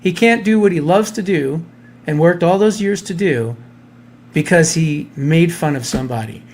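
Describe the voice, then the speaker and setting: Guy co-hosting a talk show, blunt, laid back storytelling, slightly higher voice. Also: moderate pace, darkish tone. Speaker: co-host. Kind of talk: live radio talk show.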